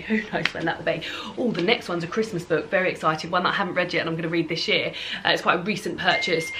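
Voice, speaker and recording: A woman's voice: medium pitch, bright, forceful tone, slight background noise. A young woman giving a casual, rambling tour of her bookshelf, with lots of ums and restarts. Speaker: book vlogger. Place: home, at a bookshelf.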